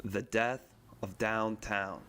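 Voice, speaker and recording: A man's voice: on the low side, steady tone, slow pace, sharp tone, a little hiss or hum. A man voicing a smug young male yuppie who drawls mockingly, in a novel read aloud.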